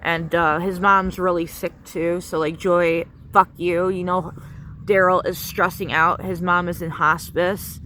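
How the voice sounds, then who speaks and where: A woman's voice: on the low side, level tone, unhurried, pushed and bright, a little hiss or hum. A woman in a casual vlog rant, angry and profane, full of fillers like "um" and "like.". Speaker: vlogger.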